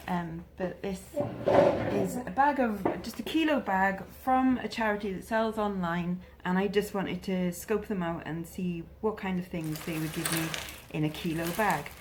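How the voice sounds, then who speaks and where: A woman vlogger chatting casually as she unboxes parcels, gushing and excitable. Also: mid-range voice, moderate pace, noisy background.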